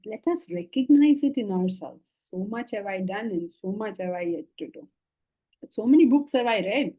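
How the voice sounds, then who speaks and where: A woman's voice: medium pitch, lively intonation, moderate pace, slightly rough, muffled recording. A woman with an Indian English accent giving a scripture lecture, emphatic and repeating key phrases, slipping into Sanskrit and Hindi. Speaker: Vedanta teacher.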